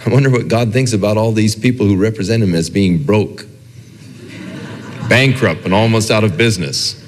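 A low-pitched man delivering a sermon from the pulpit, preaching in an easy, conversational way. He slips into the voices of the people he quotes. His voice rings out with a long reverb in a large church hall. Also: normal speed, slight background noise. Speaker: pastor.

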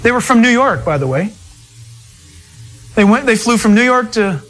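A man's voice: high voice, animated, moderate pace, fairly bright tone, poor audio. A male pastor preaching a sermon in a casual, humorous storytelling way.

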